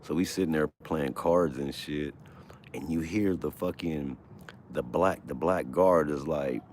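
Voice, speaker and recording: A man's voice: rumbling low, measured pace, a little mellow, a little hiss or hum. A man telling a prison story on a live stream from his phone at home, casual, profane and often laughing.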